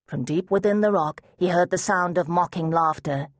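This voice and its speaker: A woman narrating an unabridged fantasy audiobook in a measured, steady way. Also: lowish voice, dry recording, studio quality. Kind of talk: scripted narration.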